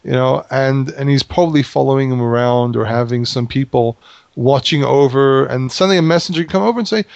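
A man's voice: mid-range voice, fairly quick, gravelly, a little mellow, dry recording, dull audio. A man explaining Hebrew words in a casual Bible study chat, repeating himself and laughing often. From Israel.

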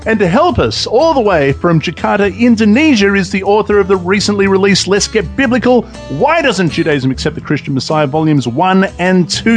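An upbeat man with a fairly high voice hosts an online talk show over a remote call. He talks with bright enthusiasm and often repeats himself for emphasis. Faint music plays underneath. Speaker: podcast host.

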